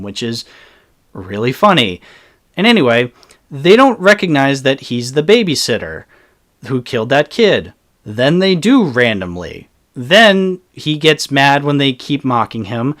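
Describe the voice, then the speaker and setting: Young male reviewer, casual rant, sarcastic and exasperated, slightly high voice with lively swings. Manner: exasperated, sarcastic, swears freely. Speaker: movie reviewer.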